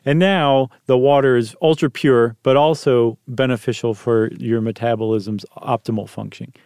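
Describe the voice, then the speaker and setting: This man co-hosts a podcast, rambling through casual chat full of fillers and jokes. His medium-pitched voice is a little mellow, clear and resonant, with fairly even intonation at a moderate pace. The recording is studio quality with no room sound.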